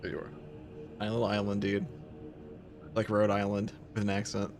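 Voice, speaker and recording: A man's voice: on the low side, completely flat delivery, brisk, music in the background. A man with a New York accent, chatting bluntly and jokingly on a gaming stream. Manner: blunt, joking, swears casually. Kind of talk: casual gaming stream chat.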